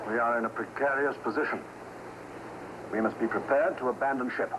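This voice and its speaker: An actor playing a ship's captain giving grave, commanding orders in a dramatized film scene. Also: male voice, mid-range voice, fairly even intonation, a little fast, background noise, natural voice.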